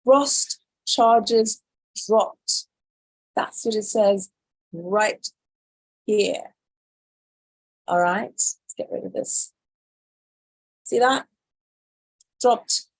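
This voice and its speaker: Female host, husky and unhurried, dry close sound, chatty and incredulous news commentary. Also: on the high side, dry recording, rough recording. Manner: chatty, incredulous, reads headlines aloud. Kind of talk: casual news commentary livestream.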